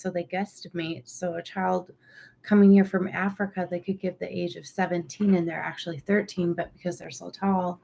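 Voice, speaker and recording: A woman co-hosting a casual chat, telling a rambling family story with frequent pauses and ums. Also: fairly low pitch, gravelly, a little mellow, a little hiss or hum. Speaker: co-host.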